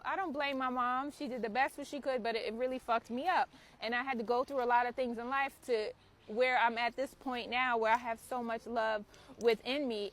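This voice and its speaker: A woman's voice: fairly high pitch, a bit bright. A woman hosting her own spiritual channel, giving an impassioned, preachy talk to camera and swearing freely. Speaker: spiritual author and channel host.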